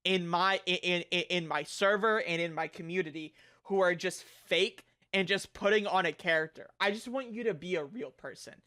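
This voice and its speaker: A young man streaming a reaction video, ranting with lots of swearing and frequent shouting. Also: sits high, normal speed, hardly any pauses. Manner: loud, profane, frequently shouting.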